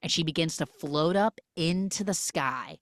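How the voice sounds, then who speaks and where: A woman hosting a podcast, retelling a film with jokey, animated storytelling on a close mic. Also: deep voice, normal speed, no echo. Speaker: podcast host. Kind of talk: comic film recap.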